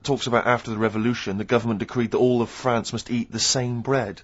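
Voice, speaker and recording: A man co-hosting a comedy radio chat, mocking and quick-witted. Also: mid-range voice, fairly even intonation, husky, muffled recording. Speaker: radio co-host.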